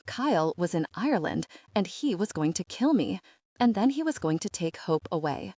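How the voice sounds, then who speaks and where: A woman narrating a first-person audiobook with a steady, earnest reading. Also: lowish voice, normal speed, no echo, studio quality.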